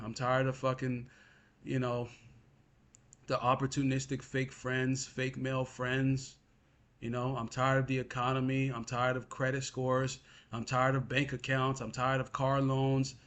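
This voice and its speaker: A man's voice: medium pitch, a bit bright. A young adult man venting in a frustrated monologue to his viewers, repeating himself and cursing as he talks. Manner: frustrated, repetitive, cursing, addresses listener as bro. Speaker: vlogger.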